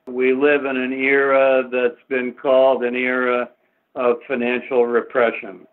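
Slow measured guy answering questions, lots of uh's, sounds like a phone line. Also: medium pitch, completely flat delivery. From United States. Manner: measured, with frequent filler pauses. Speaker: economist guest. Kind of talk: interview answers.

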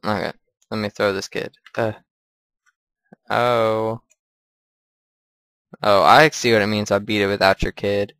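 Crude, slow-talking man gaming. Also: fairly low pitch, little pitch movement, a bit bright, smooth, no room sound. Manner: crude, profane joking. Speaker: gamer. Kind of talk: let's play commentary.

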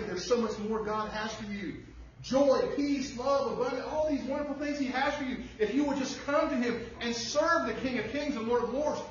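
A man's voice: sits high, slight background noise. A man preaching an emphatic sermon as pastor, firing off rhetorical questions to the congregation. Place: church sanctuary. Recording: distant, muffled, very echoey room.

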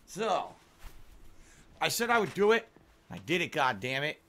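Animated male streamer, bright voice. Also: measured pace. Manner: animated, swings from loud outbursts to low grumbling. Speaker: livestream host. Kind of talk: casual livestream chat.

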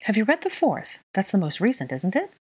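A woman's voice: on the low side, expressive, brisk, husky. A woman voicing an earnest, timid young woman who tends to ramble, in a fan fiction reading.

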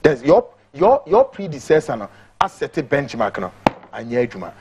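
Husky, lively Ghanaian commentator man. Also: medium pitch, moderate pace. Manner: emphatic, repetitive, switching between English and Twi. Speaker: political commentator. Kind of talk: impassioned political commentary.

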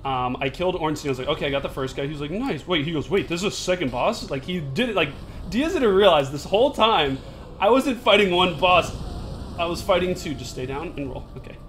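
A young man co-hosting a gaming video, telling stories with lots of swearing and loud laughter. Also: on the high side, lively intonation, fairly quick, a little hiss or hum. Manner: profane, storytelling, loud laughing outbursts. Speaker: gaming co-host. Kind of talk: casual gaming chat.

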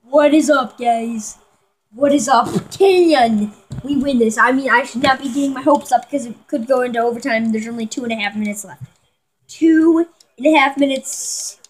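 A woman giving excitable live commentary on a football video game, talking to her viewers and yelling at big plays. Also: sits high, normal speed, rough recording. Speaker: gamer.

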